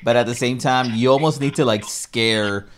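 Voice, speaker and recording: A man's voice: mid-range voice, moderate pace. A man hosting a casual podcast chat, joking and teasing his guest. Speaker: podcast host.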